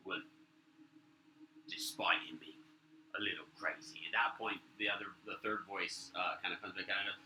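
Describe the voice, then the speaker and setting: A man's voice: low-pitched, steady tone, moderate pace, sharp tone. A man running a tabletop game as game master, narrating loosely with many fillers. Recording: roomy echo, faint noise.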